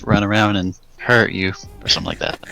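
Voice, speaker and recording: A deep-voiced young man in his late teens, streaming and chatting casually while drawing, animated and jumping to a high squeak when excited. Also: fairly quick, creaky. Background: chill music.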